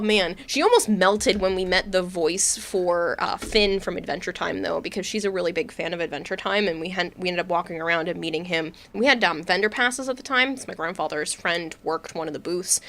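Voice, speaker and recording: A woman's voice: lowish voice, fairly bright tone, slight background noise. A young adult woman streaming, telling stories in a chatty way and laughing often. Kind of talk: casual gaming stream chat.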